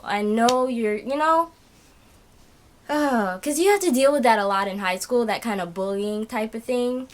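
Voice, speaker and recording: A woman's voice: a little high, a little hiss or hum. A young woman ranting casually to camera in a vlog, exasperated and complaining, with many fillers. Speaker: vlogger.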